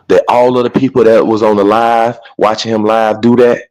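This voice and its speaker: A man's voice: lowish voice, little pitch movement, normal speed, darkish tone, low-quality recording. A man talking on an online panel in an emphatic, slangy way, repeating his points. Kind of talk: casual online panel chat.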